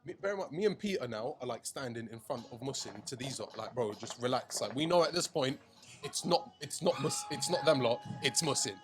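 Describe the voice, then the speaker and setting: A young man, telling a night-out story in casual podcast chat, animated, slangy and swearing. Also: mid-range voice, fairly quick. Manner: animated, swearing, slangy, acts out friends' lines. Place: shisha lounge. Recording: music playing behind.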